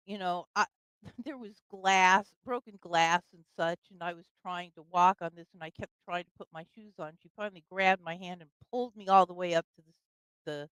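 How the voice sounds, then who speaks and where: Clear-voiced older woman telling a story. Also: medium pitch, a bit bright, no echo, rough recording. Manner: conversational, many fillers and laughs. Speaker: guest storyteller. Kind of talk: casual storytelling.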